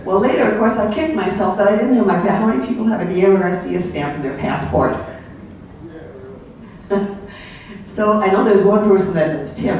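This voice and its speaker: A man's voice: sits high, moderate pace, long pauses, a little mellow. Older man telling stories in an echoey hall. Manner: rambling, anecdotal, with frequent ums and asides. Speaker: club guest speaker. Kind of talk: casual slide presentation. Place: club meeting room. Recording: very echoey room, voice far from mic, faint hiss.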